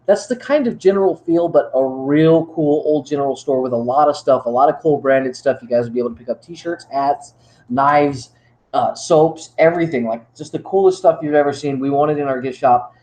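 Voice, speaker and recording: A Texan YouTuber who also works at a museum chats enthusiastically and ramblingly to his viewers from an indoor gift shop. His voice is fairly high and a little mellow, his pace moderate, and the room is echoey.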